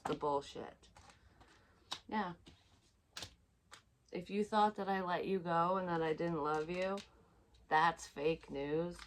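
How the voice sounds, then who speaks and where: A woman's voice: fairly low pitch, slight background noise. A woman giving a casual tarot reading, chatty, swearing freely and laughing at herself. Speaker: psychic tarot reader.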